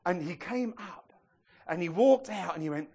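A man preaching a sermon, telling stories with animated shouted impressions. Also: high-pitched, normal speed, breathy edge. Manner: animated storytelling, bursts into excited shouted impressions.

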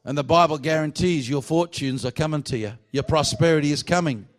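A man's voice: on the high side, brisk, hardly any pauses. Exuberant Australian preacher man. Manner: jokey, exuberant, swings from hushed to shouting. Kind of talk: revival sermon. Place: church hall before a congregation.

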